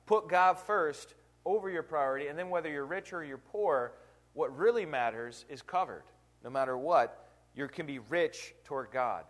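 A man giving a casual Bible lesson, his voice sitting a little on the higher side. He talks conversationally, keeps checking in with his listeners through rhetorical questions, and leans into the scripture passages he reads aloud. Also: normal speed, fairly bright tone. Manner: conversational, asks rhetorical questions, frequent "right?". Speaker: preacher. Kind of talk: informal Bible teaching.

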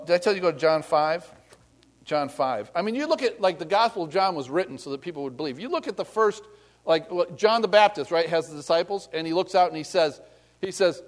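A man preaching a sermon in a conversational way, acting out scripture scenes in different voices. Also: high-pitched. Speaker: pastor.

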